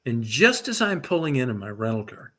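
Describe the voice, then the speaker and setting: A middle-aged man telling a long personal story in casual talk, swearing often and speaking with animated energy. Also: mid-range voice, fairly quick.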